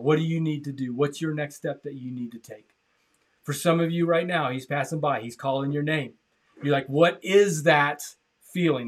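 A man preaching as a pastor, passionate, repeating phrases and swinging from loud declarations to hushed appeals. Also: on the high side. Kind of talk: sermon. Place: church.

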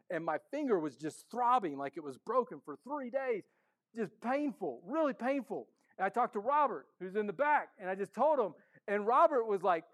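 A man preaching a sermon as a pastor in a church, casual and enthusiastic, swinging between hushed and loud. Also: high voice.

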